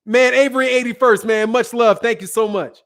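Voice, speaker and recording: A man hosting a live boxing talk stream, casual and blunt, profane and quick to laugh at his own jokes. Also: very high-pitched, fairly even intonation, a bit bright. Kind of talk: casual live-stream chat reading viewer comments.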